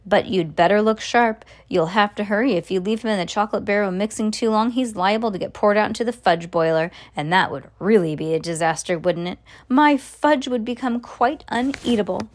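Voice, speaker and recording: A woman reading a storybook aloud, voicing a calm, whimsical chocolate-maker with breezy reassurance. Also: medium pitch, a little fast, lightly acted. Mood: brisk. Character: whimsical, unflappable chocolate-maker, adult man.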